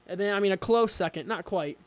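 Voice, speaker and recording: A young man co-hosting a radio show, telling sports stories in an excitable, rambling way full of fillers. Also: high-pitched, fast talker, slight background noise. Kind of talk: casual sports chat.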